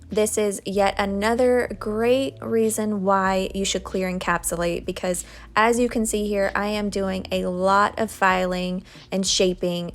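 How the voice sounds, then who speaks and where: A young woman doing a casual nail tutorial voice-over, chatty and friendly, laughing now and then. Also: medium pitch. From United States. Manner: chatty, laughs while telling stories.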